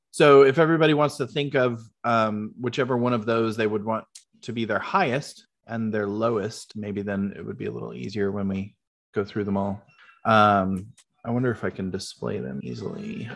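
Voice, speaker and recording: A man's voice: mid-range voice, normal speed, creaky. A man running a tabletop game as game master, explaining rules patiently with lots of fillers.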